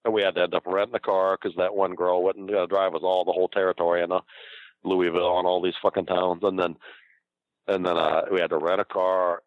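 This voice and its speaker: A man's voice: low-pitched, no room sound. An older man telling rambling, profane stories from his wrestling career in a casual chat, laughing often. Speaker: guest recounting wrestling career. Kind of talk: casual storytelling. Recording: dull lo-fi dry recording.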